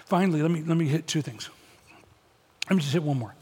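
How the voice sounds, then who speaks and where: Husky pastor preaching in a reverberant church. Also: male voice, a little high, fast, a little mellow. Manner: blunt, conversational preaching with humor. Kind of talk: sermon. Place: church auditorium. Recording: long hall reverb.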